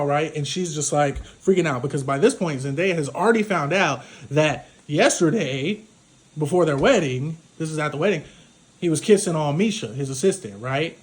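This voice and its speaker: A man's voice: fairly high pitch, moderate pace. A man giving a casual spoken recap of a film as a reviewer, rambling with many fillers. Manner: rambling, filler-heavy retelling, full of "like".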